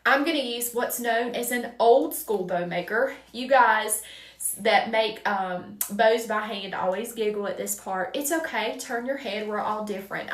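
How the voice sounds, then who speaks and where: A woman with a North Carolina Southern accent hosting a live crafting stream, chatting warmly with viewers by name as she works. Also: on the high side, echoey room, far from the mic. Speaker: livestream craft host.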